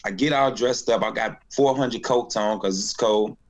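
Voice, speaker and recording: In a fairly low voice at normal speed, a comedian from North Carolina spins a story as a guest in a casual interview. He brings the tale to life by acting out each person's voice.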